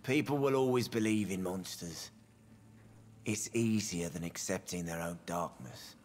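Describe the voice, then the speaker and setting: Game role: a bitter, deep-voiced drunk who mocks everything. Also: male voice, a little slow, darkish tone, slight background noise. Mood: sardonic. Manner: sardonic, world-weary. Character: male drunk bar patron, cynical and sour.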